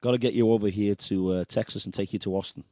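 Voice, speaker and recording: A man's voice: on the low side, fairly even intonation, fast, mellow, no room sound, studio quality. An English man hosting a casual interview over a video call and telling rambling, chatty stories. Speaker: host and musician.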